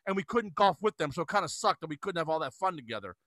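A man's voice: a little high, lively intonation, fast talker, a bit bright, no room sound. A middle-aged father telling a rambling golf story in casual chat, restarting sentences and laughing.

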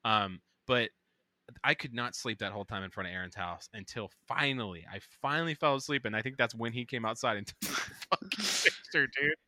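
A man's voice: medium pitch, pushed and bright, dry recording. A young man in a casual podcast chat, rambling through memories and swearing freely. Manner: rapid, rambling recollection with swearing. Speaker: podcast co-host.

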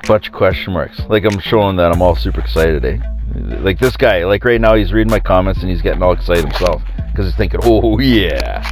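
A man's voice: low-pitched, quick pace, faint music behind. A man hosting a podcast. He tells a story in a casual, sarcastic, mocking way and laughs at his own jokes. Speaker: podcast host.

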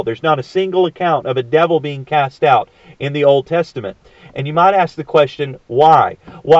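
Earnest preacher, slightly high voice. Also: male voice, dry recording, dull audio. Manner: earnest preaching with frequent fillers and emphatic questions. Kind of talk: sermon.

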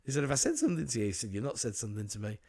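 Male co-host, casual film talk, rambling storyteller, mid pitch. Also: sing-song, very fast, dark tone. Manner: rambling, retells scenes with quoted lines. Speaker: podcast co-host. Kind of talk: casual film review chat.

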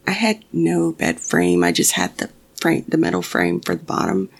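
Gravelly woman telling a spooky story. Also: rumbling low, sing-song, moderate pace. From Mexican family. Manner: casual, heavy swearing, frequent restarts. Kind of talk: casual personal storytelling.

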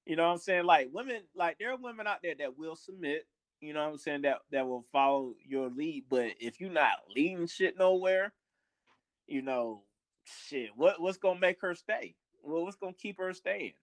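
A man's voice: fairly high pitch, expressive, normal speed, no echo. Blunt, cursing young man on a podcast. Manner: blunt, profane, repeats words when starting. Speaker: podcast co-host. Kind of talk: casual chat.

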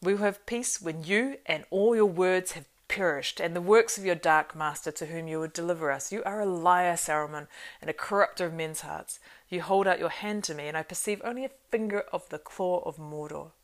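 A woman voicing an aged male king in an audiobook reading, forceful and accusing. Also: on the low side, fairly quick, few pauses, close to an everyday voice. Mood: defiant.

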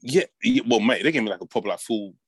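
A man chatting as a guest on a football podcast, animated when telling stories and saying "mate" a lot. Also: on the low side, quick pace, slightly rough, dry recording, poor audio. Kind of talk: casual chat.

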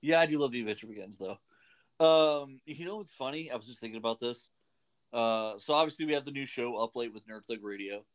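A man's voice: medium pitch, fairly quick. A man hosting a radio show, rambling casually with many fillers. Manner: rambling, chatty, lots of fillers. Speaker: radio host. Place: radio studio.

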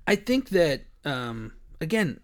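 A man with a slightly raised pitch co-hosts a laid-back sports podcast. He rambles, restarts his sentences and laughs often while he chats. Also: very animated, slow pace. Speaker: podcast co-host. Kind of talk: casual sports chat.

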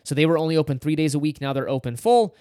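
A man's voice: a little high, animated, quick pace, a little mellow, no room sound, studio quality. A man co-hosting a casual podcast, explaining figures in an upbeat way and teasing as quizmaster. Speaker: podcast co-host.

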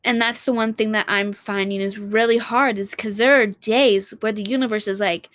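A woman's voice: medium pitch, fairly even intonation, normal speed, few pauses, fairly bright tone, no room sound. A young woman vlogging in a casual, heartfelt monologue, rambling and restarting her sentences and swearing casually.

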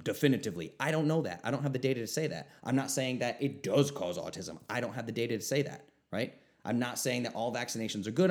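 A man talking unscripted on his own podcast. He is emphatic and circles back to repeat his points. His voice sits in an ordinary middle pitch. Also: a little mellow. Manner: emphatic, repeats himself for stress. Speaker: podcast host.

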